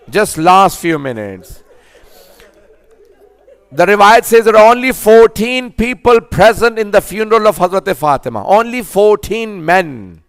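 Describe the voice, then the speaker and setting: A man's voice: sits high, vocal fry, dry recording. A man delivering a mourning sermon in a mosque, impassioned and rising to fervent crescendos, sometimes slipping into chanted lines. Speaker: preacher.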